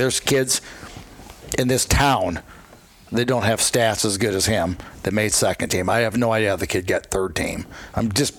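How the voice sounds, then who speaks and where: An older man and grandfather, a guest telling rambling stories in casual chat, blunt and quick to swear. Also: lowish voice.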